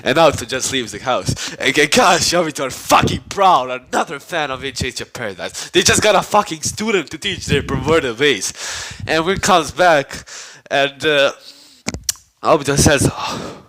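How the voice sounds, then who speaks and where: A man's voice: a little high, lively intonation, moderate pace, bright, forceful tone, low-quality recording. A man casually retelling a fan-made story, rambling, cursing and full of slang and fillers.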